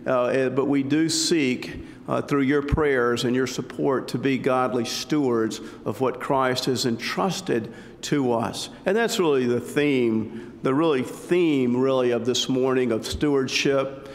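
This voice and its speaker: A man's voice: medium pitch, a little slow. Male pastor preaching in a reverberant church. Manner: conversational, joking storytelling. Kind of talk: sermon. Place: church sanctuary.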